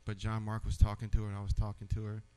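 A man giving a personal testimony in church, telling his story with animated storytelling and acting out the voices. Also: fairly low pitch, fast talker, smooth, low-quality recording.

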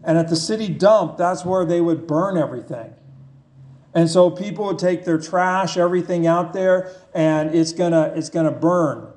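A man preaching a sermon in a slow, conversational way, asking his listeners questions. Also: on the high side, a little mellow. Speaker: pastor.

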